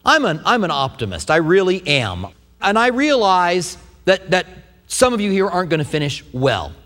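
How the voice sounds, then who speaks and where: A man preaching a sermon in a church, animated, at times acting out the voices of doubters. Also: sits high, moderate pace. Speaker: pastor. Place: large church sanctuary. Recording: long hall reverb.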